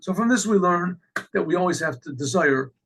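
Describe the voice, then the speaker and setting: A man with a high, gravelly voice tells a story, animated, acting out each character with lively exclamations. His tone is husky and rough-edged. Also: a little fast, low-quality recording. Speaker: rabbi telling a story. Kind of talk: storytelling talk.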